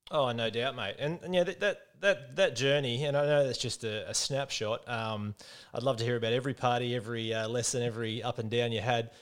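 A man's voice: mid-range voice, brisk. A man hosting a casual interview, friendly and loose, often calling his guest mate and repeating words as he starts sentences. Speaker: podcast host.

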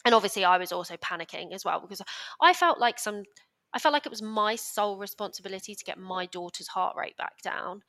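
Bright-voiced young British woman, emotional and rambling. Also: mid-range voice, brisk. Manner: emotional, rambling with many restarts and fillers. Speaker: podcast guest. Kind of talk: candid conversational storytelling.

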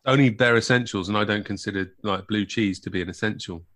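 A man with a West Country English accent, co-hosting a casual podcast chat with dry, deadpan humor. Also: fairly low pitch, fast. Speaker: podcast co-host.

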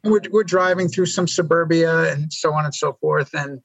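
A man's voice: on the high side, fairly even intonation, vocal fry, rough recording. A man from New York telling stories as a podcast guest, often stumbling over and repeating his words. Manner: halting, repeats words while thinking. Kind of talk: casual storytelling interview. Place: around a table with hosts.

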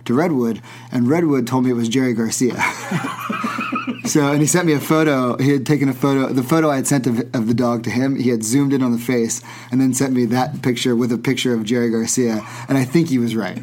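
A man's voice: mid-range voice, steady tone, brisk, darkish tone, a little hiss or hum. A man hosting a podcast, telling a long story in casual chat, rambling with many restarts and laughs. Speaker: podcast host.

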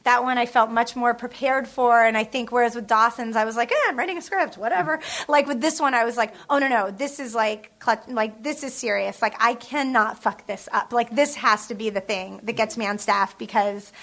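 A woman's voice: fairly high pitch, fairly even intonation, moderate pace, few pauses, a bit bright. A woman television writer telling stories on a panel in a chatty, self-deprecating way, laughing often and using lots of fillers. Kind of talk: casual storytelling on a panel.

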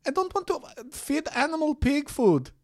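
A man voicing a loud, blunt young Russian woman from a farm, speaking broken English in a high voice with a Russian accent. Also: big pitch swings, moderate pace. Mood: complaining.

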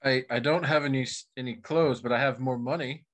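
Player, man, mid voice, deadpan and easygoing. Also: mid-range voice, brisk. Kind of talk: tabletop role-play.

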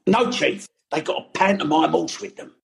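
An eager police sergeant in a comedy radio play who thinks his boss is joking. His voice is gravelly and lively. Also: on the high side, normal speed.

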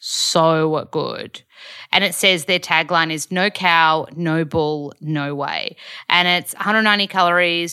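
A woman's voice: lowish voice, bright, forceful tone, clean tone, dry recording. A young woman chatting casually in a rambling way about her routine for a video diary. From Australia. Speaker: vlogger and podcaster. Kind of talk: casual chat.

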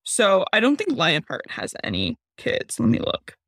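A young adult woman hosting a podcast, retelling a book in a casual, animated and giggly way. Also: medium pitch, moderate pace, no room sound, clean studio sound. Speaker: podcast host. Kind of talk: casual book recap chat.

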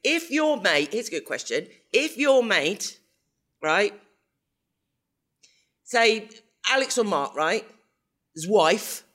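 Guy co-hosting a chat podcast, high voice, swoops around a lot, teasing and emphatic. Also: sing-song, slow, pauses often, fairly bright tone. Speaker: podcast co-host. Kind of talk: casual chat.

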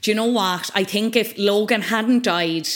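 A woman's voice: mid-range voice, normal speed. A woman hosting a podcast, chatting casually and jokily, swearing freely as she recaps a TV show. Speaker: podcast host.

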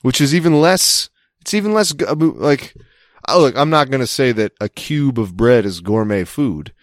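A man's voice: mid-range voice, lively intonation, moderate pace, no echo. Rambling storyteller man, dry close sound. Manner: rambling storyteller who acts out quoted voices. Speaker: podcast co-host. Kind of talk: casual chat.

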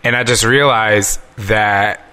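Earnest bright-voiced man hosting. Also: on the low side, steady tone, slow, clean tone. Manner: earnest, emotional, open. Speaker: podcast host. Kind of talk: casual conversation.

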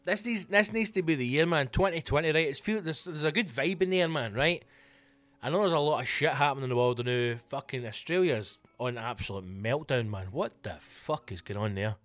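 A man's voice: a little high, expressive, fairly quick, fairly bright tone, no echo, soft background music. A Scottish man hosting his own comedy podcast, ranting casually and swearing a lot. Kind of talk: casual solo rant.

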